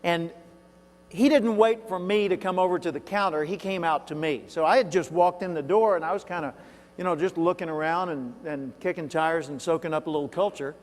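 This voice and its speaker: Southern guy from arkansas giving a keynote, folksy storyteller, kinda high voice, long hall echo. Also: fairly quick. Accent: Southern US, toned down. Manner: folksy storytelling, conversational asides to the audience. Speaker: keynote speaker. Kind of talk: conference keynote speech. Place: large hall. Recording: reverberant hall, live event.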